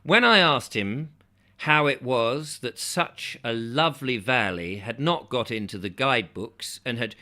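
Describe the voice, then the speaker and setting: A man's voice: medium pitch, measured pace. A man reading an old travel book aloud, breaking off now and then for casual, joking asides. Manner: lively reading broken by chatty, joking asides. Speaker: audiobook reader. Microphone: close microphone, near overload.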